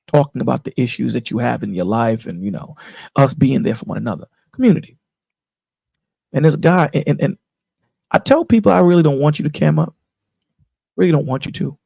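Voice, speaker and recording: A man with a gravelly, husky voice, pitched a little high and dark in tone. He talks in a casual, preachy way and keeps checking in with his listener. The sound is dry and close, like a voice call. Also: dry recording. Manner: preachy, emphatic, repeats "you know what I'm saying". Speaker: channel host on a panel call. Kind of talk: casual chat.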